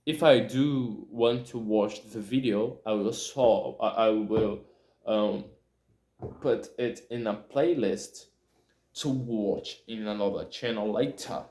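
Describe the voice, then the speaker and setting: Male solo podcaster, second-language English speaker, unhurried and hesitant, recorded in an echoey room. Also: mid-range voice, darkish tone. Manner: halting, frequent fillers and restarts. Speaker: podcast host. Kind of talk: casual solo monologue.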